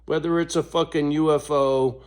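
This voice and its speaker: A man ranting in a casual vlog monologue, swearing constantly and laughing between his points, with sudden high-pitched outbursts. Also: steady tone, darkish tone. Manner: slow, drawn-out delivery with big pitch swings. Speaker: vlogger.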